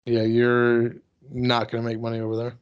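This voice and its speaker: Flat-voiced deadpan man teasing. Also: mid-range voice, moderate pace, smooth, no echo, muffled recording. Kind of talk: casual chat.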